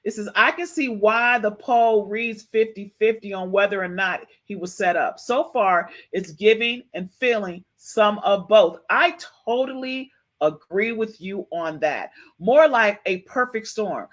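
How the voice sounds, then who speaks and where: A woman hosting a livestream podcast, reacting excitedly, repeating herself and talking to her chat. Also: medium pitch, a little slow, few pauses. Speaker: podcast host. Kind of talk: livestream gossip commentary.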